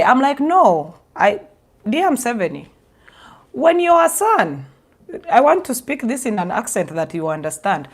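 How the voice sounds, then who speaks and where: Lively sarcastic Ugandan woman. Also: on the high side, takes it slowly. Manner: sarcastic, animated, switching languages. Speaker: commentator. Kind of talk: casual commentary monologue.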